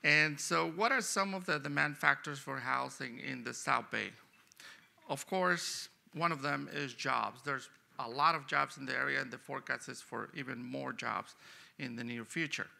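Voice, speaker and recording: A man, an economics professor, giving a conference presentation on a university stage with a lively, punchy delivery and sudden loud stresses. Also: mid-range voice, normal speed, vocal fry.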